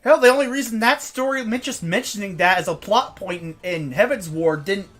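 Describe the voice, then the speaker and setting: A woman's voice: medium pitch, animated, fairly quick, a bit bright. A woman streamer chatting casually, ranting and swearing with frequent laughter.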